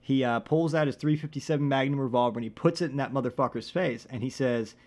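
A man hosting a comedy podcast, rambling and profane, with deadpan absurd jokes. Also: medium pitch, fast, few pauses. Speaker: podcast host.

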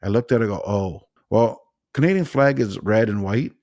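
A man's voice: lowish voice, animated, fast talker, a little mellow, no room sound, clean studio sound. A middle-aged man hosting a podcast, telling a long, rambling story with many restarts and laughs. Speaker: podcast host. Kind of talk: casual storytelling interview.

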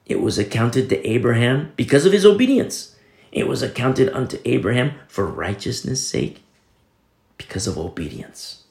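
Guy preaching a sermon, kinda gravelly, chatty, lots of echo around him. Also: medium pitch, very animated, normal speed, a little mellow. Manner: conversational, storytelling preaching with scripture quotes. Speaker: pastor.

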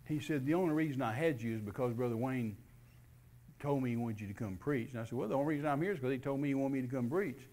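A man preaching a sermon, telling a story with animated delivery that rises to loud calls. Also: medium pitch, fast.

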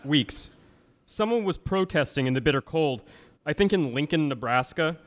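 A man reading first-person testimony aloud at a live reading, in an expressive, dramatic way. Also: fairly high pitch, normal speed. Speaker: reader at a live oral-history reading.

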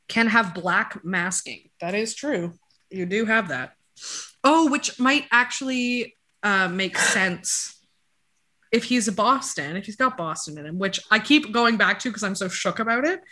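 Woman reading dog dna stuff out loud, bright voice, rambly and jokey. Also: medium pitch. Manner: chatty, scattered, jokey asides to her dog. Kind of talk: casual chat.

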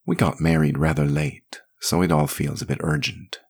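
A man voicing a composed, dryly witty woman in his own low voice. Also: steady tone, moderate pace, vocal fry, darkish tone, husky, heavily acted. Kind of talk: audiobook character reading.

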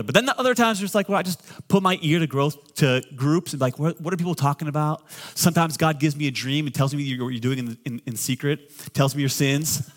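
A middle-aged man, a pastor, preaching a sermon with joking asides, swinging between loud and quiet. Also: fairly high pitch.

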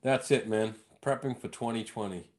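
Medium in pitch and moderate in pace, this man is a stand-up comedian chatting on a podcast as a guest. His storytelling is animated, full of impressions and acted-out voices of others.

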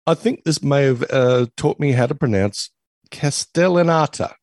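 A man with a medium-pitched, slightly mellow voice talks at a moderate pace in studio quality with no echo. Co-hosting a podcast in casual chat, he jokes dryly and stumbles into restarts.

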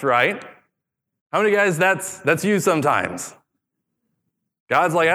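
A man's voice: a little high, animated, measured pace, pauses often, fairly bright tone. A man in his thirties preaching a sermon in a joking, conversational way, teasing and questioning his congregation. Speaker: pastor. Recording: long hall reverb.

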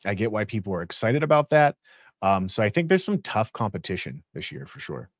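A man co-hosting a podcast, chatting eagerly and restarting his sentences as he gets excited. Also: lowish voice, brisk, dry recording, clean studio sound. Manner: enthusiastic, many restarts and fillers. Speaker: podcast co-host. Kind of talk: casual chat.

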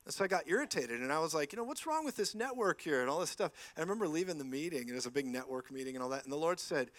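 A man preaches to a church in a fairly high voice, animated and storytelling, acting out each exchange. The sound is dry and close, with little room echo. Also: rapid-fire, hardly any pauses. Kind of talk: sermon.

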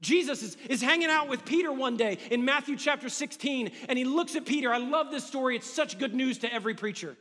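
A male pastor preaching a sermon in an energetic, conversational way, with humor. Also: very high voice, fairly quick, few pauses. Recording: long reverb of a large hall.

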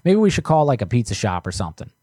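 A man's voice: mid-range voice, big pitch swings, rapid-fire, mellow, no echo, studio quality. A man hosting a prank call livestream, reading viewer messages aloud in laid-back banter. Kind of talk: casual livestream chat.

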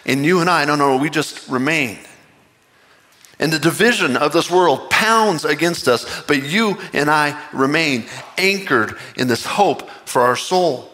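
A man preaching a sermon, impassioned and earnest, with excited rising bursts. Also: on the high side, long reverb tail. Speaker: pastor.

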